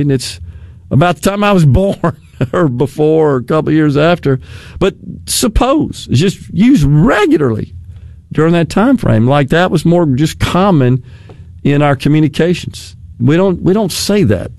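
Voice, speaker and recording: A man's voice: fairly high pitch, animated, normal speed, darkish tone, no room sound. Rambling older Southern man, chuckling. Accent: Southern American. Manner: rambling, chuckles often, trails off mid-thought. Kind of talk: casual chat.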